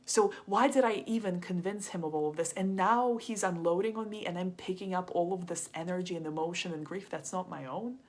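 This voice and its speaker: Husky-voiced woman telling a candid story. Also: lowish voice, fairly quick, few pauses. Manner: frank, confessional, lots of "like". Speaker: coach teaching a masterclass.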